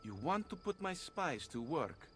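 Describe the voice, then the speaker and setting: Ezio, a stern assassin. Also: male voice, fairly high pitch, big pitch swings, unhurried, slight background noise. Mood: firm. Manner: firm, clipped. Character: grown male assassin, stern and suspicious.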